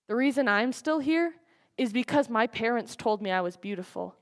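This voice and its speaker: A woman giving a dramatic recited speech at a school program, swinging between forceful declarations and hushed, quiet lines. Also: a little high, animated, normal speed. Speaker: student speaker at a school program.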